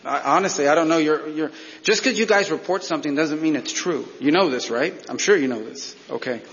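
A man's voice: on the high side, brisk, fairly bright tone, in a large hall, dull audio, a little hiss or hum. A man speaking at a press conference, giving a formal speech and then pushing back hard against a reporter's question. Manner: combative and dismissive with reporters. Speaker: government official at a news conference.

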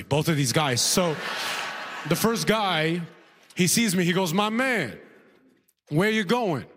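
Guy doing stand-up, bouncy lively voice, laughs at his own bits a lot. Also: medium pitch, slight background noise. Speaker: comedian. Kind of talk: stand-up comedy.

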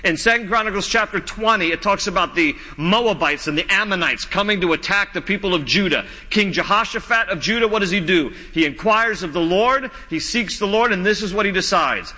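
A man preaching a sermon as pastor, earnest, slowing down whenever he reads scripture aloud. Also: high-pitched, animated, sharp tone. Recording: long reverb of a large hall.

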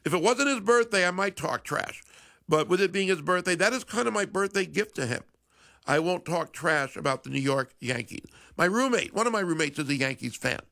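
A man's voice: high voice, expressive, fairly quick, creaky, bright, forceful tone. A middle-aged man hosting a sports talk show, chatting casually and wryly, sometimes correcting himself mid-sentence. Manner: chatty, self-correcting, wry. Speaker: sports radio host.

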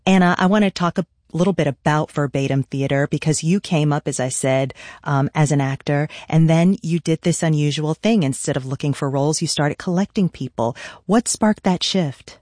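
A radio interview host reading a scripted introduction and asking questions in a measured way. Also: medium pitch, darkish tone, dry recording, studio quality.

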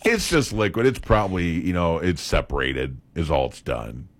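A man hosting a radio morning show, chatting casually with his co-host, playful and quick to laugh. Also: deep voice, sing-song, a little hiss or hum. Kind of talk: casual chat. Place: radio studio.

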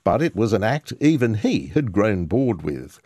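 A man's voice: lowish voice, sing-song, unhurried, dark tone, dry recording. A man narrating a scripted news report as a reporter, with wry, sardonic commentary.

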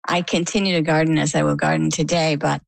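A middle-aged woman from the United States, telling her story in a lively, conversational way as an interview guest. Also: low voice, quick pace, vocal fry, no echo, rough recording. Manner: animated, lively retelling.

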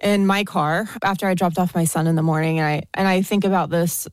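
A woman's voice: on the low side, steady tone, brisk, smooth, dry recording, clean studio sound. A young adult woman from the United States, chatting casually and animatedly, with lots of "like". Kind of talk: casual chat.

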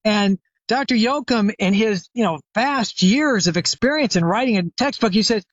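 A man's voice: high-pitched, expressive, normal speed, no echo, highs cut off. An older man, a retired chiropractor, telling a long anecdote as a guest expert in an interview, with many fillers and restarts. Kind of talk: conversational storytelling interview.

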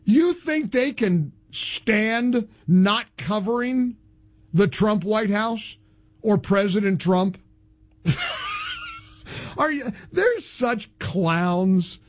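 A man's voice: high voice, takes it slowly. A man hosting a talk radio show, delivering an opinionated monologue in a sarcastic, mocking tone. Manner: animated, exclamatory.

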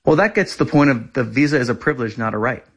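Brisk man repeating official talking points. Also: mid-range voice, lively intonation, husky, muffled recording. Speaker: government spokesperson. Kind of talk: press interview answers.

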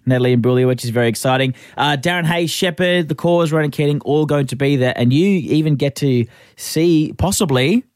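Fast upbeat male radio host. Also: a little high, darkish tone, dry recording, clean studio sound. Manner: upbeat, promo-style delivery. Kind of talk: radio announcing. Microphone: studio mic.

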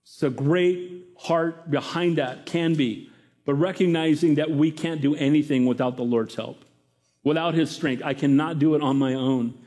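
Pastor, male, fairly high voice; preaches with energy and keeps asking the congregation questions. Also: moderate pace. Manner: lively, talks to the congregation with questions. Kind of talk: sermon.

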